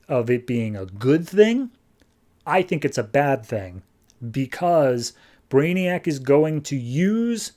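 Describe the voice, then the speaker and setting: A man hosting a podcast, recapping a comic book in a loose, casual way and dropping into quick quoted voices. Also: mid-range voice, mellow. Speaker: podcast host.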